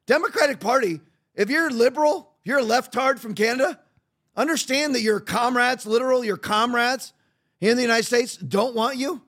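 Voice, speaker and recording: High-voiced combative man ranting. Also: moderate pace, a bit bright. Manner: combative and mocking; rambling with frequent restarts. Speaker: podcast host. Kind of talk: opinionated podcast monologue.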